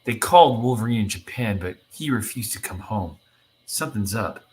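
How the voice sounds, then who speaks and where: A man voicing a calm, guarded young female telepath, read aloud in a hushed, reassuring way. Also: fairly low pitch, moderate pace, close to an everyday voice.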